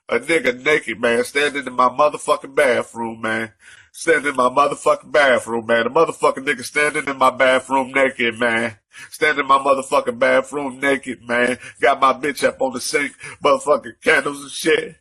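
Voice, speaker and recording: An out-of-breath man in an angry, profane rant, repeating himself and building to shouting. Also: mid-range voice, breathy edge. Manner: profane, repetitive, escalating to shouting.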